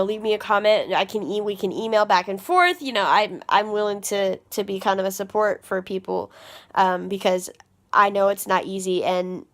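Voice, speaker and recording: A young adult woman talking openly to her viewers in a confessional vlog, earnest and rambling with fillers and restarts. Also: medium pitch. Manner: stressed and frustrated venting. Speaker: vlogger.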